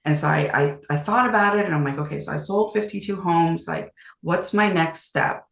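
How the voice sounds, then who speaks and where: A woman in her thirties talks as a podcast guest, brisk and casual. She laughs easily, and her voice rings in an echoey room. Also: on the low side, vocal fry. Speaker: guest, real estate agent. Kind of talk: casual interview chat.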